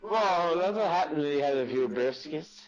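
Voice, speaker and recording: A man's voice: on the high side, animated, moderate pace, highs cut off. A drunk man slurring as he hosts a rowdy casual podcast chat, swearing and laughing at his own jokes. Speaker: podcast host.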